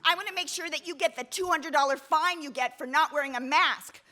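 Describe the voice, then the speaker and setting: A woman voicing a self-righteous adult woman hiker who shouts officious scoldings in a storytelling performance. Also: high-pitched, a little fast, pitched above the performer's own voice. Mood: threatening.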